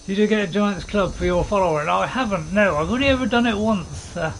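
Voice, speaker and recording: This is loose, rambling gameplay commentary from a man with a high voice who talks briskly and keeps cutting himself off to start over. The recording is rough, with nonstop insect and cricket noise behind him.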